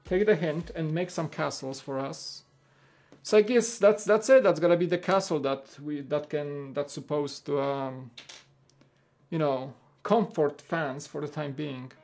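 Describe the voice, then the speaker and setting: A man's voice: on the high side, a little slow, a little mellow, faint music behind. A man hosting a casual livestream, rambling along and filling his talk with "like" and restarts. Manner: rambling, heavy use of "like" and restarts. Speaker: livestream host. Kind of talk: casual chat.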